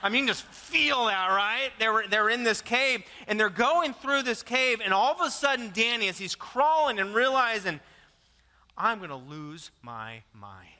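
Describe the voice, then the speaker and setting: A man with a high, forceful, sharp voice preaches a sermon, animated and storytelling, stumbling over repeated words and cracking jokes. His voice rings out with a long reverb across a church sanctuary. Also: normal speed, hardly any pauses, slight background noise. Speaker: pastor.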